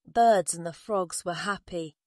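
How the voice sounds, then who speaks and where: A woman's voice: fairly low pitch, darkish tone, dry recording, studio quality. A woman narrating a simple graded reader story in a careful, plain way. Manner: slow, careful, simple wording.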